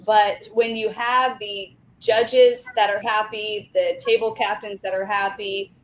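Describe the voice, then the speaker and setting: A woman's voice: mid-range voice, flat delivery, a little slow, rough recording. A woman in her forties, a restaurant co-owner and guest, chatting in a talkative, enthusiastic way. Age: 40s. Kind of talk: casual chat.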